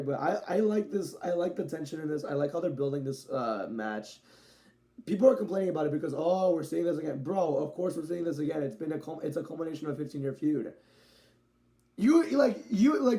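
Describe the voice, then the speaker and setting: Rambling young guy with a mellow voice. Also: on the high side. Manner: loose, rambling, self-correcting, slangy. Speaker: wrestling show reviewer. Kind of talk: casual video review.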